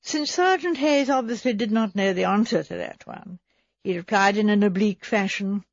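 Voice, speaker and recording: A woman reading a story aloud in measured, even narration. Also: mid-range voice, no room sound. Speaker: audiobook reader. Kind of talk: scripted narration. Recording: slightly dull recording.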